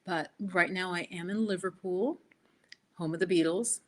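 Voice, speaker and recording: A woman's voice: lowish voice, normal speed, fairly bright tone. Chatty woman hosting a yoga live stream. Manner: chatty, rambling, laughs at herself. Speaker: yoga and meditation host. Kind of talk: casual live-stream chat. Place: indoors, home set-up with laptop. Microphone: laptop.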